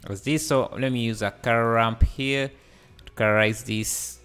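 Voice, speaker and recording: A man hosting a live software tutorial, hesitant and full of fillers, laughing easily as he reads the chat. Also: medium pitch, fairly even intonation, moderate pace, smooth, faint music behind. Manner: hesitant, many fillers and restarts. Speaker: livestreaming 3D tutor. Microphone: headset.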